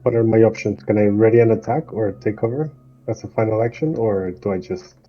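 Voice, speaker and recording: A man's voice: on the low side, a little fast, slightly rough, highs cut off, soft background music. A man playing a tabletop game, talking in a casual, offhand way. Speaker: player.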